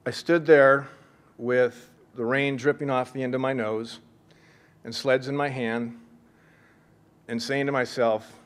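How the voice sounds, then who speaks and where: Middle-aged seattle guy telling a story at a talk, earnest and reflective, bit of humor, medium pitch. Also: fairly even intonation, unhurried, long pauses. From Seattle, USA. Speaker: speaker at a leadership event. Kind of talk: personal storytelling speech.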